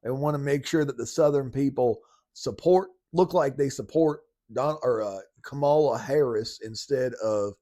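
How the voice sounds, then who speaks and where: A man hosts a podcast, reacting to clips in loose, slangy talk and laughing often. His voice sits mid-pitch, and the sound is dry and close. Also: moderate pace, mellow, dry recording. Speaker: podcast host. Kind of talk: casual commentary.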